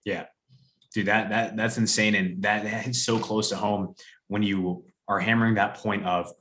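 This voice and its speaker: Attentive man responding, low voice. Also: fairly even intonation, moderate pace, a bit bright, a little hiss or hum. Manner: attentive, affirming listener. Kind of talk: casual chat.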